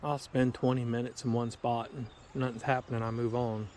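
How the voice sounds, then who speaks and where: A man's voice: mid-range voice, little pitch movement, brisk, a little mellow, a little hiss or hum. A man chatting casually on a fishing vlog, folksy and jokey, walking by a river with a handheld camera. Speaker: fishing vlogger. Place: outdoors by a river.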